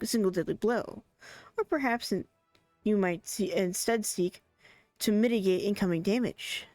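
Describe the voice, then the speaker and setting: A woman's voice: medium pitch, a little mellow, no echo, close to an everyday voice. A woman doing a grand Irish weapon smith. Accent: put-on Irish. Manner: reading game dialogue aloud, stumbling over words. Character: male weapon smith, mock-formal and grand.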